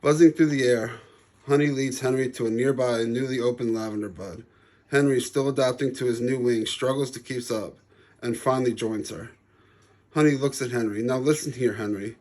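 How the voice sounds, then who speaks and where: Casting: calm male author reading a children's picture book aloud, mid-pitched voice. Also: moderate pace. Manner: calm, even storytelling. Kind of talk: children's story read-aloud.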